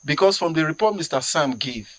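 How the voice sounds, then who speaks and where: A man with a Nigerian accent speaking as a studio panelist, posing pointed questions in a measured way. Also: fairly high pitch, expressive, dry recording. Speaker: talk show panelist. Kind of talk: studio discussion.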